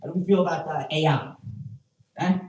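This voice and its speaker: A stand-up comedian doing a rambling, self-mocking set with crowd work, full of stammered restarts and sudden loud mocking outbursts. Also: mid-range voice, brisk. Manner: bursts into loud mocking shouts. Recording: roomy, voice picked up from a distance.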